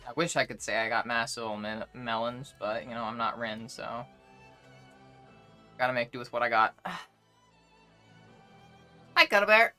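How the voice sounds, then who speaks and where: Bright-voiced chatty streamer woman. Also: very deep voice, fairly even intonation, moderate pace, faint music behind. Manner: chatty, greets viewers one by one, jokey and crude. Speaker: livestreamer. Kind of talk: casual live-stream chat.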